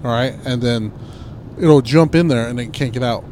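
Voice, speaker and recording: A man co-hosting a podcast in crude casual banter, laid-back and giggly, his voice going up when he gets excited. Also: medium pitch, moderate pace, slight background noise. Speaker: podcast co-host.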